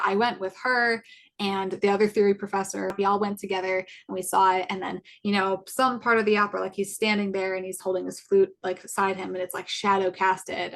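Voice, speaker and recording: A woman in her twenties, a podcast co-host, telling a personal story in a casual, halting way, full of fillers and self-corrections. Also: mid-range voice, creaky. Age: 20s.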